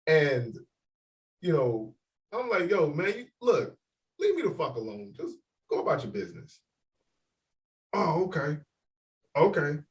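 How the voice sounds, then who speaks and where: On a casual podcast, a male co-host with a somewhat high voice tells an animated, swear-filled story, acting out the other people's lines. He speaks unhurriedly with long pauses. He sits a bit away from the mic, so the recording sounds distant and poor in quality.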